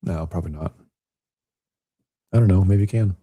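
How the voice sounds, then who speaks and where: Hoarse, raspy low-voiced man commentating. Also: moderate pace, warm tone. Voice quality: raspy from a chest cold. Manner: chatty, joking, talks straight to viewers. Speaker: remote pool commentator. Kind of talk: casual live commentary. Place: at home, quiet room.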